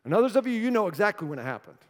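A man's voice: high voice, sing-song, racing, big-room sound. A male pastor preaching a sermon in a conversational, joking and earnest manner. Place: church sanctuary.

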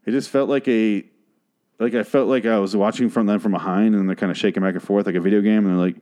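A man casually recapping a TV episode in a sarcastic, profane, rambling way, sometimes trailing off into quiet mutters. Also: on the low side, steady tone, fast. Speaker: show recap host.

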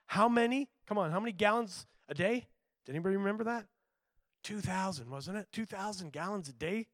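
Male pastor, high gravelly voice, lively sermon delivery with loud bursts, dry close sound. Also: no room sound. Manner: animated preacher, jumps from soft asides to loud peaks; acts out voices of people in the story.

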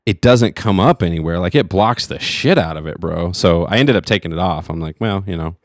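Deep-voiced laid-back male podcast co-host. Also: no echo, studio quality. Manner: relaxed, laid-back slang, quick to react. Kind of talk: casual chat.

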